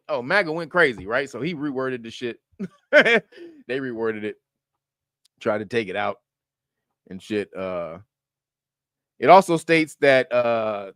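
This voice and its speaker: A man's voice: medium pitch, animated, a little slow, pauses often, fairly bright tone, dry recording, clean studio sound. A man hosting a casual commentary show, talking bluntly and profanely, laughing often and rambling with restarts.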